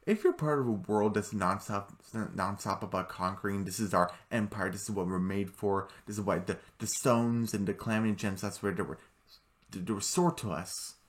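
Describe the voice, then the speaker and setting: Excitable rambling man recapping a cartoon. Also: moderate pace. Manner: rambling, excitable, filler-heavy, many restarts; jumps into high voices when quoting characters. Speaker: show recap commentator. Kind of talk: casual episode recap.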